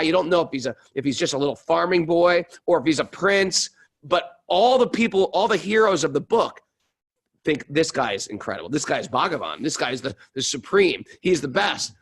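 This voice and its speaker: A man's voice: on the high side, lively intonation, fairly quick, fairly bright tone, no room sound. A middle-aged man hosting a casual spiritual podcast, enthusiastic and self-deprecating, telling stories with animation. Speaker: podcast host.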